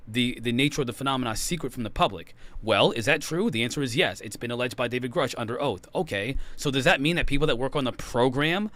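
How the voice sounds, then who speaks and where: Rapid-fire male debater, insistent, exasperated. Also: medium pitch, a bit bright, no room sound. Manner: fast, insistent, frustrated arguing. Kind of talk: heated debate.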